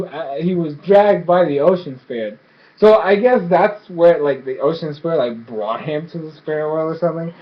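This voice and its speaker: A show reviewer with a fairly high male voice gives a casual, excited review, rambling and stumbling over fillers and restarts. It sounds dull and lo-fi, as if recorded on a cheap home mic.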